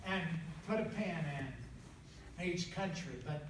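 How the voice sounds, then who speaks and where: An older man from the southern United States, a traveling evangelist, telling his testimony in a folksy, animated way with laughter. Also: high voice, a little slow. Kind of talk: storytelling testimony in conversation. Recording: echoey room, distant mic, faint noise.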